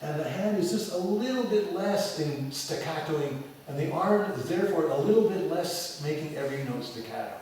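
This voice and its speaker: A man teaching piano in a lecture and demo lesson before an audience, talking in an animated way and singing phrases as da da da. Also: on the high side, normal speed, few pauses, a little hiss or hum. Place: large echoey hall with an audience. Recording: echoey hall from far off. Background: piano playing.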